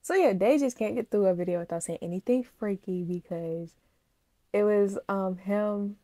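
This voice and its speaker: A woman vlogger talks straight to her viewers in a casual reaction video. She is animated and gushing, and she calls them y'all. Her voice sits at an ordinary middle pitch, recorded dry and close with no room sound. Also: normal speed, no echo. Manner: emotional, gushing.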